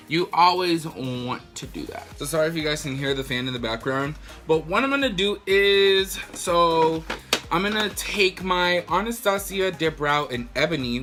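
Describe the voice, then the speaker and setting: A man's voice: a little high, moderate pace, bright, forceful tone, soft background music. A man talking casually through a makeup tutorial, chatty and slangy, explaining each step while he works. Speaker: makeup vlogger.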